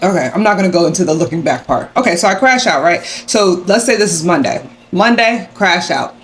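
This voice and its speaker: A young adult woman sharing a personal faith testimony to camera, animated and acting out her own angry retorts. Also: fairly low pitch, a little hiss or hum. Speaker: faith vlogger.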